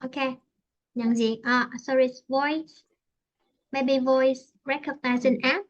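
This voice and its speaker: A woman's voice: high voice, steady tone, takes it slowly, lo-fi sound. A woman teaching English with a Vietnamese accent, talking in a hesitant way and searching for words with many fillers. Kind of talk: online English lesson conversation.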